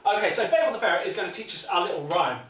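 High-voiced British man coaching toddler tennis. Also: lively intonation, rapid-fire, fairly bright tone. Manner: encouraging, sing-song, repetitive instructions. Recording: echoey room, mic at a distance, faint music.

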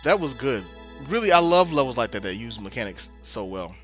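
A man's voice: mid-range voice, very animated, a little fast, fairly bright tone. A young man giving casual commentary while playing a video game, talking to himself in exasperated mutters. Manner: talkative, exasperated muttering, playful drawl. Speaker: let's play gamer. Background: game music.

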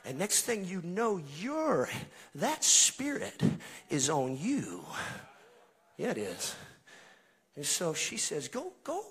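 A man's voice: fairly high pitch, sing-song, slow pace, pauses often, fairly bright tone, husky. A male pastor, preaching in a church in a folksy way and calling out to his congregation. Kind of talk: Pentecostal-style preaching to a congregation. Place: church sanctuary.

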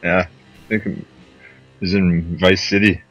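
Slow, bright-voiced laconic man. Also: deep voice, little pitch movement, muffled recording. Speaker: game developer streamer. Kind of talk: casual chat while playing. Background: faint music.

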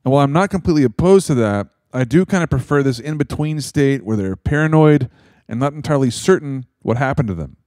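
A man hosting a video, calmly and wryly wrapping up for viewers. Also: mid-range voice, quick pace, no room sound, studio quality. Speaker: channel host. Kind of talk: closing commentary to viewers.

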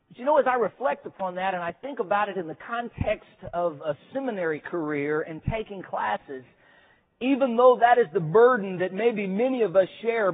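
A man preaching a chapel sermon in a folksy, self-deprecating way, with lots of hesitant fillers. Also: sits high. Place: seminary chapel. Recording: tinny phone-like band.

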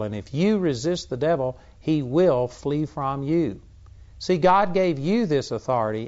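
A man's voice: medium pitch, a little mellow, lo-fi sound. A man teaching a sermon as a Bible teacher, blunt and emphatic in his delivery.

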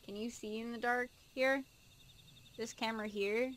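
A woman's voice: fairly high pitch, steady tone, moderate pace, fairly bright tone, slight background noise. A young woman casually chatting and commenting while playing a game on stream, talking to characters and her chat in a playful way.

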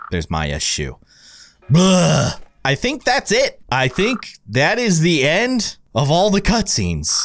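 Casting note: man, gaming YouTuber, lively swooping voice, exclaiming reactions, faint game music behind. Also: a little high. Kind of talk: let's play commentary.

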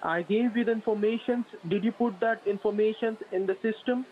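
Curt man shouting over a tinny phone line. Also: high voice, steady tone, a little fast, a little hiss or hum. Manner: curt, commanding, threatens to hang up. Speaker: phone scammer. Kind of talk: angry phone call.

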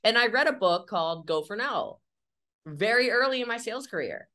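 A woman entrepreneur talking about sales in an interview, in an energetic, chatty and emphatic way, full of "like" and "okay" and little acted-out scenes. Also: a little high, fairly quick. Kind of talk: candid interview conversation.

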